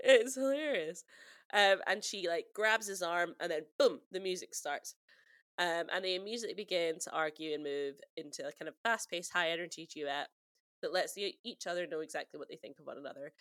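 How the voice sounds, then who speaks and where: A woman's voice: fairly low pitch, normal speed, fairly bright tone, no room sound, studio quality. A woman from the UK co-hosting a podcast, chatting casually and laughing often as she recaps a film and quotes its lines. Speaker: podcast co-host. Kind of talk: casual chat.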